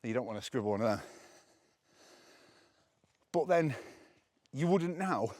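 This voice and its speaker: A man's voice: medium pitch, animated, unhurried, a little mellow, no room sound, clean studio sound. Breathless Englishman rambling on a hill walk. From England. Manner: rambling, chatty, opinionated. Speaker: vlogger. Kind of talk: casual walking vlog monologue. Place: outdoors on hills. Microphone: handheld camera on a stick.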